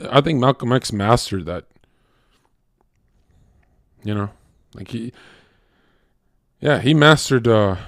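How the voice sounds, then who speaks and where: On a casual livestream rant, a male streamer rambles loosely and profanely, restarting a lot and asking rhetorical "right?" questions. His energy shifts from loud and fired up to quiet muttering. The mic is dry, with no echo.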